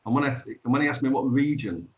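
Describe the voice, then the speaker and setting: A man's voice: medium pitch, fast, highs cut off. A man, hosting an open mic over a video call and chatting in a rambling, storytelling way. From Manchester, England. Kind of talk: casual chat.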